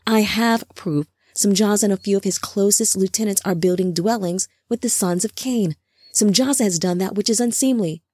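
A woman's voice: medium pitch, normal speed, warm tone, husky, no echo, natural voice. A woman voicing an impatient, headstrong male angel scout who speaks insistently, in a storybook reading. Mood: eager.

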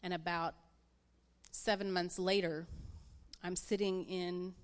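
A woman in her thirties with a slightly low voice shares her personal testimony. She tells it candidly, with emotion close to the surface. She speaks to a church audience. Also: level tone, slow. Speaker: guest speaker.

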